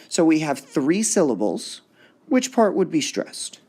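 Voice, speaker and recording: A man teaching a recorded high school lesson, sounding out words slowly and exaggerating the stress. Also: very animated, darkish tone.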